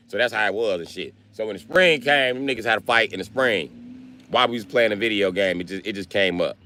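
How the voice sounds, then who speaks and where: A man's voice: fairly low pitch, quick pace, slight background noise. A man hosting a livestream, telling rambling, profane comedic stories. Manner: profane, rambling, lively storytelling. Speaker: livestream host.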